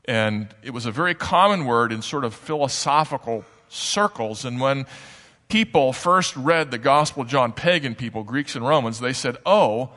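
A man delivers a sermon in a church hall with a long, ringing reverb. His voice sits at an ordinary middle pitch. He explains things conversationally and drops in casual asides to his listeners. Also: animated, normal speed, bright, forceful tone. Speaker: preacher.

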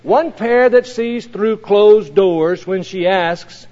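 A proud, tender male Creator, as a preacher puts him on, spoken with emphatic earnestness. The voice sits high and moves slowly. It rings out in a long hall echo on a dull recording. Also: a little mellow. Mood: earnest. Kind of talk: sermon.

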